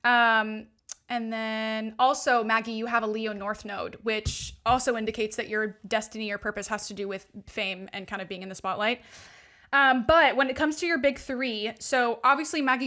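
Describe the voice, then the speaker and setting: A woman's voice: on the high side, steady tone, normal speed, sharp tone. A young woman, a guest coach on a podcast, explaining astrology in chatty, upbeat casual talk full of "like". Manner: chatty, upbeat, heavy use of "like".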